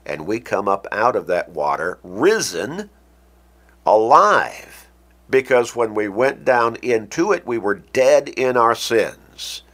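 A man preaching a radio sermon, emphatic and deliberate, quoting scripture. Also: mid-range voice, sing-song, a bit bright.

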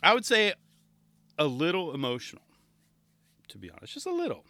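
This man's voice sits on the high side and swoops wildly in pitch, brisk, pushed and bright, captured in a dry recording. Hosting his podcast solo, he chats casually and excitedly, rambling and repeatedly interrupting himself.

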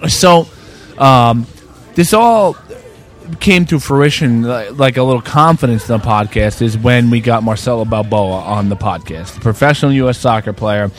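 A man's voice: mid-range voice, normal speed. A man co-hosting a podcast in casual chat, rambling with many restarts, recorded in a resort bar. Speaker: podcast co-host. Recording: faint bar music behind.

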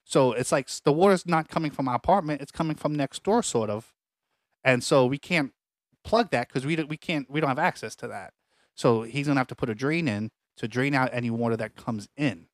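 A man co-hosting a podcast, telling a long story casually with restarts and animated retellings, recorded at home. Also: mid-range voice, fairly quick, no echo. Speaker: podcast co-host. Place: home apartment.

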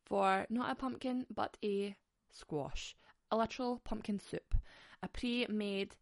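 A woman's voice: medium pitch, fairly even intonation, takes it slowly, creaky, no room sound, clean studio sound. A woman, hosting a podcast and ranting in a casual, comic monologue, often giggling and swearing. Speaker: podcast host.

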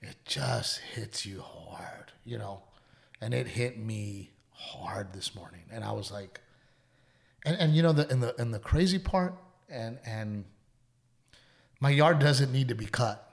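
A man's voice: mid-range voice, animated, unhurried, vocal fry, pauses often. Chatty man telling stories. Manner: chatty, earnest, drops to a hushed tone for heartfelt moments. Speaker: podcast co-host. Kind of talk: casual chat and storytelling.

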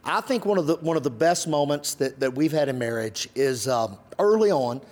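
Animated man preaching in a reverberant hall. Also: a little high, normal speed. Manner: animated storytelling, self-teasing. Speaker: pastor. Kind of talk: sermon with spouse.

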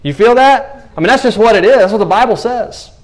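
A man preaching a sermon in a conversational, animated way, acting out the voices of the people in the stories he tells. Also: high voice, fairly quick.

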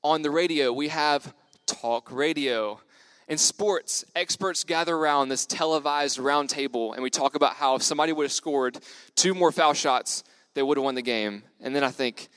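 A man's voice: on the high side, moderate pace, fairly bright tone, clear, resonant tone, no echo. A man gives a casual, storytelling sermon, joking at his own expense and laughing often. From United States. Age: 20s. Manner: upbeat, joking, self-deprecating, laughs often. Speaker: young church speaker.

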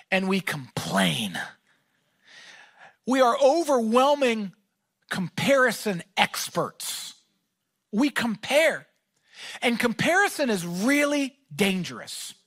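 A man preaching a sermon as pastor, talking in a casual, animated way that rises to shouts. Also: very high-pitched, no echo.

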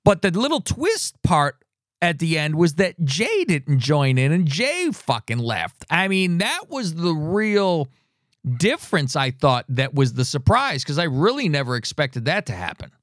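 Male podcast co-host, slightly high voice with a very lively pitch, casual and profane, rambling delivery. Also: measured pace, no echo, studio quality. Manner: animated, profane, rambling with restarts. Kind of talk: casual wrestling podcast chat.

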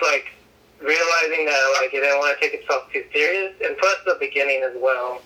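Podcast co-host, a man, higher voice, sharp bright tone, halting, set back from the mic. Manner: hesitant, halting. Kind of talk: casual chat. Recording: voice distant from the mic.

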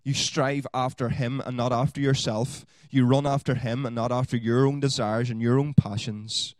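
A man preaching a sermon, swinging from loud exhortation to quiet asides. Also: medium pitch, moderate pace, no echo. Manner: animated, rising to loud exhortation then dropping to quiet asides.

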